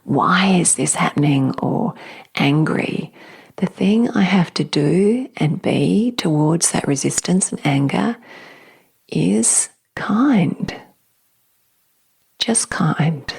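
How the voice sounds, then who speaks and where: A woman hosting a spiritual podcast, speaking softly and slowly in a whispery, reflective way. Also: low-pitched, expressive, creaky, husky. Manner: soft, slow, often whispery and emotional. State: tearful at times. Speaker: podcast host.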